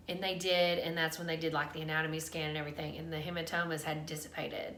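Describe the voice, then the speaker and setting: A woman's voice: deep voice, level tone, fast talker, hardly any pauses, fairly bright tone. A woman vlogger casually telling a candid, emotional personal story to camera. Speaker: vlogger sharing a pregnancy update. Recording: roomy echo.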